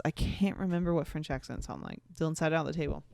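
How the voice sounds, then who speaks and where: A woman's voice: fairly low pitch, fairly even intonation, rapid-fire, creaky, hardly any pauses, darkish tone, no room sound, studio quality. Tipsy young woman reading her fanfic. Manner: tipsy, giggly asides between read passages. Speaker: podcast host. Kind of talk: reading her own teen fanfic aloud.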